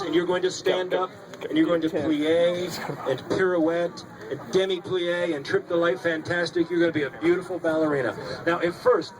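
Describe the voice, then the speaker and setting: A man working as a stage hypnotist, giving commanding, theatrical suggestions and teasing his volunteers on stage. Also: a little high. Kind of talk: stage hypnosis show patter. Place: school auditorium stage. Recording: noisy live audience recording.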